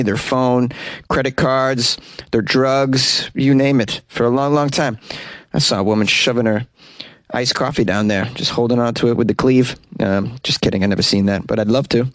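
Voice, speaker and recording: A man's voice: medium pitch, dry recording. An American man hosting comedic news commentary in a joking, irreverent way, with chuckling asides. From United States. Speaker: comedy podcast host.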